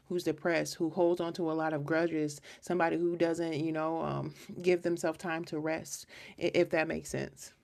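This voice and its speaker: Woman tarot reader on a live stream, low gravelly voice, chatty, earnest and rambling. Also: a little mellow. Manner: chatty and rambling, frequent restarts; earnest and emotional. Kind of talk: casual live-stream reading.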